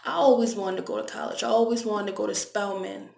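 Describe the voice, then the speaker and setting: A woman's voice: medium pitch, fairly even intonation, fast talker, gravelly, a little mellow. A young woman, telling a candid, conversational storytime vlog and often repeating her words. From Baltimore, US. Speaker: vlogger. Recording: echoey room.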